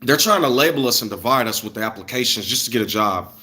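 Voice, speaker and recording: A young man from Illinois ranting casually on a livestream, loose and animated, jumping from loud bursts to muttered asides. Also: medium pitch, quick pace. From Illinois, USA. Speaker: streamer.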